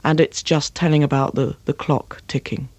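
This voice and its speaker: A woman's voice: deep voice, steady tone, darkish tone, no room sound. Passionate woman voice coach, dry studio. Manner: passionate, dips into slow dramatic verse readings. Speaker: acting and voice coach. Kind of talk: interview guest explaining and reciting verse.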